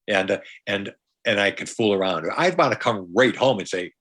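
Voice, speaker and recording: A man from upstate New York speaks as a podcast guest in a somewhat low voice. He rambles in a loose, jokey way, often restarting his sentences and tossing in playful asides. The sound is dry, with no room around it. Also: animated, moderate pace, breathy edge, no echo. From Brighton, Rochester, New York. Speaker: guest, comedian and magician. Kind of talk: casual conversation.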